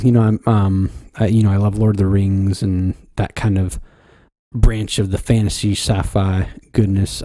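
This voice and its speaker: Mellow laid-back podcast guy, dry sound. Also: on the low side, no echo. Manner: laid-back and rambling, heavy on fillers and restarts. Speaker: podcast co-host. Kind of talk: casual chat.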